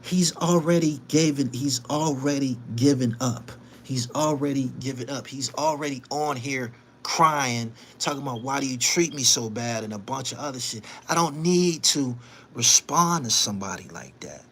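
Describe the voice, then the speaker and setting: A man's voice: mid-range voice, normal speed, fairly bright tone, slight background noise. A man hosting his own show, delivering a heated, boastful, profane monologue and repeating himself for emphasis. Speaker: show host. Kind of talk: angry monologue to camera.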